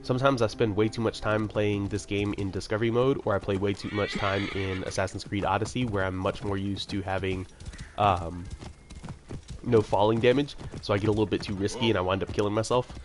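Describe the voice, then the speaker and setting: Rambly gamer guy talking over loud game music, lowish voice. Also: steady tone, a little fast. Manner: rambling, chatty, self-mocking asides. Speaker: let's-play commentator. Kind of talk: casual gameplay commentary. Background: video game music.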